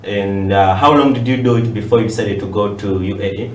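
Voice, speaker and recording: A man's voice: on the low side, fairly even intonation, fairly quick, a little hiss or hum. Encouraging male host, roomy and distant. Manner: encouraging, prompting with short questions. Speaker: interviewer host. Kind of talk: casual interview. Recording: roomy, off-mic sound.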